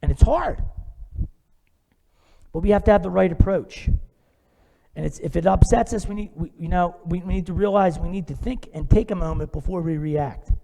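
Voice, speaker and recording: A man's voice: high voice, fairly even intonation, fairly quick, vocal fry, mellow, a little hiss or hum. A man preaching a sermon in a church, talking conversationally with rhetorical questions and everyday asides. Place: church sanctuary. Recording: long hall reverb.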